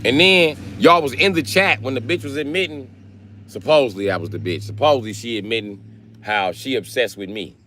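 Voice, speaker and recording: A man hosting a livestream, telling profane comic stories in a loose, animated way into a close mic. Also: mid-range voice, fairly quick, slight background noise. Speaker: livestream host. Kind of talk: casual comedic rant.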